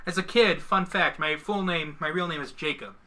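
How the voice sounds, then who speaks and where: A man's voice: a little high, normal speed, sharp tone. A man co-hosting a casual live stream, joking and poking fun at himself. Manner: jokey, self-mocking. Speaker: stream co-host.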